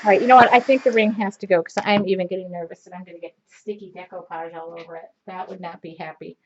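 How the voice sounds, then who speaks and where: A woman's voice: on the low side, steady tone, fast, a little hiss or hum. A woman in her forties hosting a craft livestream, telling a rambling story with a laugh and poking fun at herself while she works. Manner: rambling, laughing, self-deprecating. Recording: lo-fi livestream audio.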